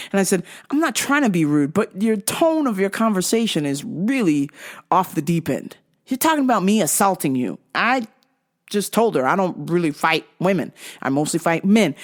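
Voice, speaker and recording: A woman hosting a podcast, casually telling profane stories, acting out other people's lines and laughing at her own jokes. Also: medium pitch. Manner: acts out quoted voices. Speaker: podcast host. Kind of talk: casual storytelling.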